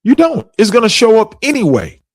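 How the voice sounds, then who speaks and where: A man's voice: sits high, huge pitch swings, brisk, no room sound. A middle-aged man hosting a podcast, telling stories in a casual chat and laughing often. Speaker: podcast host.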